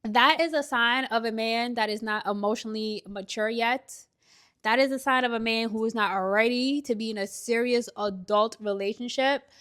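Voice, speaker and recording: A woman's voice: on the high side, normal speed, a bit bright. A young woman vlogger giving casual relationship advice while doing a puzzle, chatty and emphatic, with slangy turns of phrase. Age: young adult.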